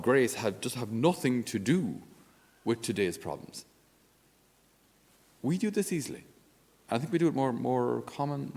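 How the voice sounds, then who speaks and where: On his podcast, a male Catholic priest delivers a relaxed spiritual talk in a down-to-earth, chatty way, poking fun at himself. His medium-pitched voice is creaky and a bit mellow, with a long reverb tail behind it.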